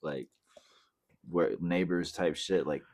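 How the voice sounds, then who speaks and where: A man's voice: low voice, steady tone, takes it slowly, darkish tone. A man hosting a podcast who mostly gives short replies and brief questions. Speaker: podcast host.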